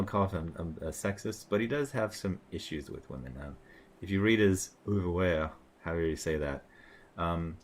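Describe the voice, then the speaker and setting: A man with a very deep, low-pitched voice talks through a loose commentary monologue. His tone is sarcastic and mocking, and he rambles with plenty of fillers and restarts, over faint background noise. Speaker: commentator reacting to online posts.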